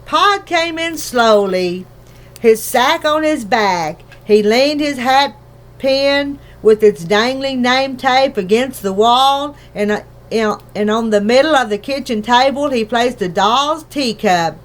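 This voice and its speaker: Slow-reading woman with a high voice. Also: animated. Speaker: narrator. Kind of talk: reading a children's book aloud.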